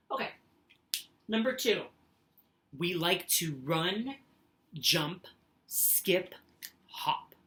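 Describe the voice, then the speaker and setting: A patient woman teacher talks through a lesson in a low voice that swoops up and down, acting out example sentences with big expression. The recording is roomy and echoey. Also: fairly bright tone. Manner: patient, sing-song, reads sentences aloud with exaggerated expression. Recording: echoey room.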